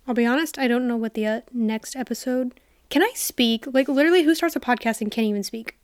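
A young woman hosting a casual solo podcast, chatty and excitable with lots of "like", a little out of breath, talking into a studio mic in a quiet room. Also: on the high side, fairly quick, clean tone, no echo. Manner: chatty and excitable, heavy use of "like". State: a bit out of breath. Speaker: podcast host. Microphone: studio mic with headphones.

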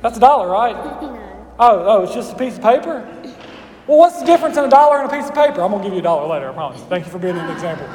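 A man's voice: high-pitched, sing-song, racing, a little mellow, reverberant, big-room sound, a little hiss or hum. A man preaching a sermon as pastor, casual and conversational with playful asides to the congregation.

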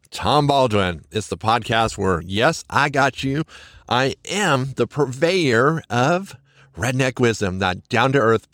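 A man's voice: medium pitch, no room sound, clean studio sound. A man hosting his own podcast in an upbeat, chatty monologue, laughing at himself and correcting his slips. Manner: upbeat, chatty, quick shout-outs. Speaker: podcast host.

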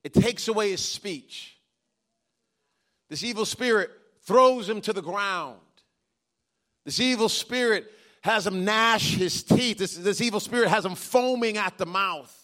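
A man preaching a sermon as pastor, moving between loud emphatic passages and hushed, intimate stretches, and slowing down to read scripture with dramatic weight. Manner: swings between loud emphatic bursts and quiet intimate lows.

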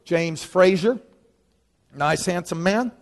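A man preaching a sermon in a lively, conversational way, leaning on dramatic pauses. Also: high-pitched, vocal fry. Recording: long reverb of a large hall.

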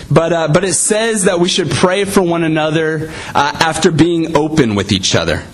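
Slow, lively conversational preacher man. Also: fairly high pitch, a little hiss or hum, poor audio. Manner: conversational, frequent "you know". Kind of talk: sermon.

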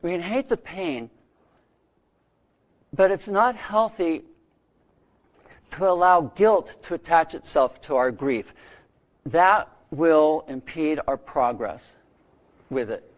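A middle-aged man preaching a sermon, telling a story earnestly with dramatic pauses. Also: fairly high pitch. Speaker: pastor.

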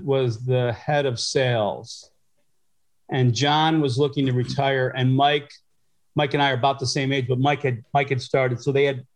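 A middle-aged man from Western New York, a podcast guest recalling his career in a rambling, conversational way full of restarts and fillers. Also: mid-range voice. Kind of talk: conversational storytelling.

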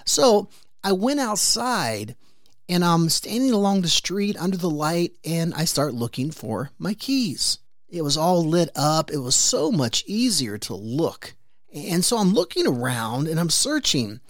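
A man hosting his own podcast, telling a personal story in an animated way and then drawing an earnest, reflective lesson from it. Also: a little high, a little slow, dry recording, studio quality. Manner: animated storyteller who briefly acts out the neighbors' voices. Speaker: podcast host. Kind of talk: motivational storytelling monologue.

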